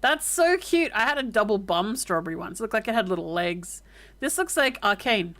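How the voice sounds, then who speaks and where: A woman with an Australian accent, streaming casual reaction commentary with exclamations, free swearing and quick stories. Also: medium pitch, lively intonation, a bit bright. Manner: exclamatory, swears freely, storytelling.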